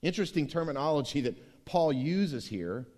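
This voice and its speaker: A middle-aged male pastor preaching with a somewhat high voice. His pitch leaps and dips all over the place as he swings from hushed asides to loud, emphatic lines. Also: animated, normal speed. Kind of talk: sermon.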